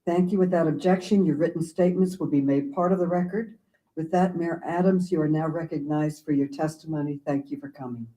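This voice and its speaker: Woman chairing a hearing, very dark-toned. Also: sits low, steady tone, rough recording. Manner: brisk, procedural. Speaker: committee chairwoman. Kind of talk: formal hearing procedure.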